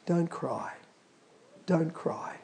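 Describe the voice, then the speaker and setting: A man voicing a compassionate figure who comforts a grieving mother, speaking in a soft, hushed, consoling way. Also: a little high, expressive, drawn-out words, in a whisper, exaggerated voice.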